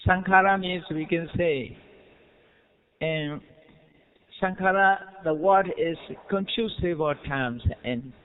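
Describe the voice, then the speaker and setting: A Buddhist monk with a Burmese accent gives a lecture in plain, broken English, often asking his listeners whether they follow. His voice sits high and sounds smooth and resonant. The recording is narrow and tinny, like a phone line. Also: slow pace, long pauses. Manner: simple non-native English, frequent rhetorical checks and soft chuckles. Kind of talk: dharma lecture.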